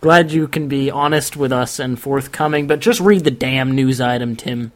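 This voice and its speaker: A man's voice: medium pitch, normal speed. A man in a comedy podcast, wry and playful, tossing in mock announcements. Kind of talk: casual comedic chat.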